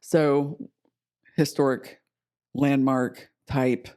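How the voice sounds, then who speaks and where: A man's voice: mid-range voice, flat delivery, drawn-out words, dark tone, smooth. A man co-hosting a podcast in casual conversation, asking puzzled questions. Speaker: podcast co-host.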